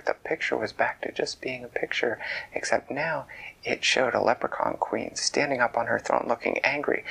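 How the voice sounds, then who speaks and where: A man narrating a children's bedtime story in a soft, conversational, half-whispered way. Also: mid-range voice, gravelly, husky, rough recording.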